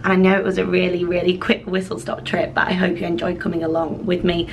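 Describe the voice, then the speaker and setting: A woman vlogger with a cold-roughened, hoarse voice, chatting to camera in a rambling, apologetic way. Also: fairly low pitch, flat delivery, fast, slight background noise, rough recording. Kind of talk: casual vlog chat to camera.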